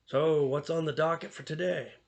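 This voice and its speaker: A man's voice: a little high, steady tone, moderate pace, creaky, pitched above the performer's own voice. A man voicing a kindly, wise middle-aged father in a read-aloud storybook. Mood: fatherly.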